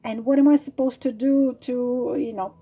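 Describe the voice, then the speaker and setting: A woman's voice: on the high side, fairly even intonation, moderate pace, mellow, slightly rough. A woman voicing a doubtful young girl questioning a talking frog.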